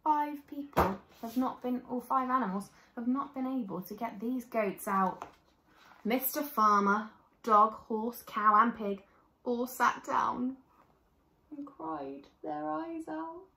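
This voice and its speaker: A woman reading a children's story aloud in a gentle, expressive way, often turning to talk directly to young listeners. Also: a little high, slow, creaky, echoey room.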